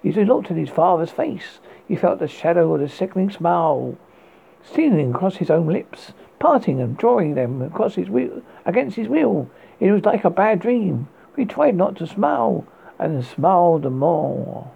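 A man with a British accent, a horror podcast host giving a dramatic, measured reading of a ghost story. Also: sits high, very animated, vocal fry, mellow, slightly rough. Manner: measured, slow narration with stumbles. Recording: tinny phone-like audio.

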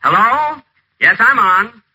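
A sharp-tongued, imperious schemer in a 1940s radio play. His voice is piercingly bright and swings widely in pitch as he delivers theatrical put-downs and sly plots, with a faint hiss underneath. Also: sing-song, slow, heavily acted, poor audio. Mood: scheming. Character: acid-tongued, pompous, scheming middle-aged man. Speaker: acerbic radio celebrity stuck in a wheelchair.

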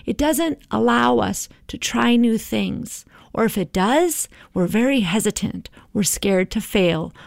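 A woman's voice: a little high, creaky, no echo, studio quality. A middle-aged woman hosting a podcast, talking in an encouraging, motivational way and often checking in with "right?". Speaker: podcast host.

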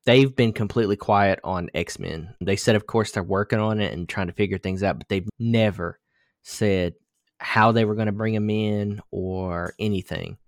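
A man's voice: on the low side, normal speed, no room sound, clean studio sound. A young man co-hosting a podcast, talking in a loose, rambling way and swearing casually. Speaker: podcast co-host. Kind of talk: casual chat.

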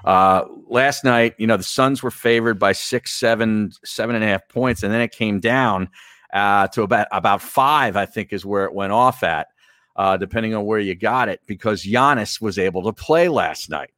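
A man's voice: on the low side, moderate pace, fairly bright tone, no echo, studio quality. A man hosting sports talk radio who steers the conversation, easygoing with frequent "uh" and "you know.".

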